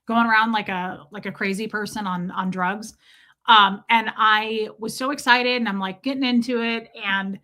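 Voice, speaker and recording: A woman in her forties hosting a casual livestream, telling stories in an animated way and reading viewer comments aloud. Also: mid-range voice. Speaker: livestream host.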